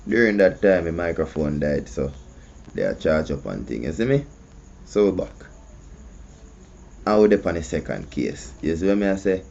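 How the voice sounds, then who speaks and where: Deep-voiced Jamaican man, muffled audio. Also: very animated, moderate pace, gravelly, long pauses, a little mellow, a little hiss or hum. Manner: conversational, repeats "you see me". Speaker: host. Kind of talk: casual commentary.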